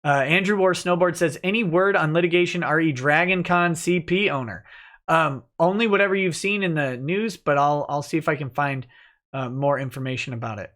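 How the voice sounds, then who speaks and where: Relaxed man reading viewer comments. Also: fairly high pitch, fairly quick. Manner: relaxed and joking, with frequent "uh" fillers. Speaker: lawyer and livestream host. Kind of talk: casual livestream chat, reading viewer comments aloud.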